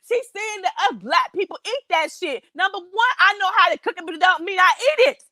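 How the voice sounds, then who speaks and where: Bright-voiced animated woman in her forties. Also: very high voice, fast talker, dry recording. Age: 40s. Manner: animated, indignant storytelling with repeated "I said". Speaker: guest telling a story. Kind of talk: casual chat.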